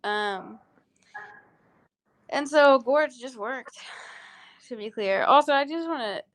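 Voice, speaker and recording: A woman's voice: sits high, lively intonation, slow, fairly bright tone, no room sound. A woman chatting casually on a livestream, groggy, rambling and giggly, swearing freely between songs. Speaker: singer on a livestream.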